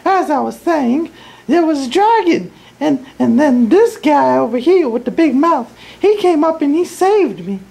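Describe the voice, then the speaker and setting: A woman's voice: sits high, sing-song, measured pace, creaky, warm tone, full character voice, rough recording. A woman voicing a bossy, sassy young village princess in an improvised comedy skit. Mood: storytelling. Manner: sassy and snappy.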